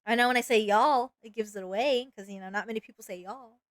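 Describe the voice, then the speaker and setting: A woman's voice: a little high, quick pace, no echo. A woman from East Texas with a Southern accent, chatting casually and rambling with her viewers while she draws on a live stream. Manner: rambling, chatty, asks chat questions, laughs easily.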